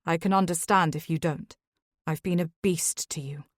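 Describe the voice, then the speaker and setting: A woman's voice: deep voice, steady tone, moderate pace, no room sound, studio quality. A woman voicing a grave, remorseful aristocratic husband in Victorian society. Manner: grave, hoarse-edged apology.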